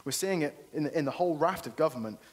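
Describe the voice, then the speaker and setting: A man's voice: fairly high pitch, expressive, fast talker. A man giving an earnest, persuasive conference talk and often checking in with "okay?". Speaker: conference speaker. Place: conference venue.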